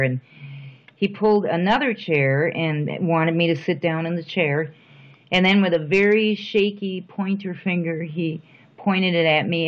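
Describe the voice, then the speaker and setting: A middle-aged woman speaking softly and reflectively in a personal interview, with thoughtful pauses. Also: fairly low pitch. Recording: dull lo-fi recording.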